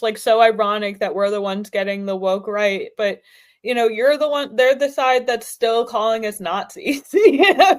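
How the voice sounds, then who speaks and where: A woman hosting a podcast, speaking in an earnest, conversational way. Her voice sits a little high, and her speech turns blunt when she presses a point. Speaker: podcast host. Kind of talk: casual political discussion.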